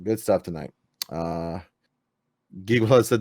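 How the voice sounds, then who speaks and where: A man hosts a live gaming stream in casual chat. His voice sits fairly low, and the sound is close and dry with no room behind it. He rambles freely, full of fillers and the occasional swear. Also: measured pace, darkish tone, dry recording. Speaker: podcast host.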